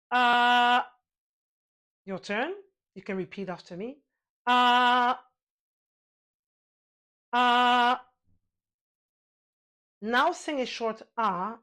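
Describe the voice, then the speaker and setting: Her voice mid-range, a woman working as a vocal coach leads a singing lesson in a calm manner. She walks the listener through exercises, counting out loud and modeling sounds.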